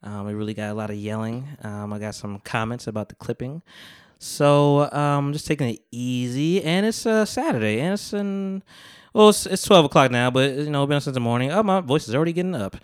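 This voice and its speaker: A man's voice: mid-range voice, fairly quick, clear, resonant tone, no room sound. Man, podcast host: clean resonant tone, close and dry, jokey, laughs often. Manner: laughs often, bursts from quiet to loud. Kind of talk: casual chat. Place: room with a couch.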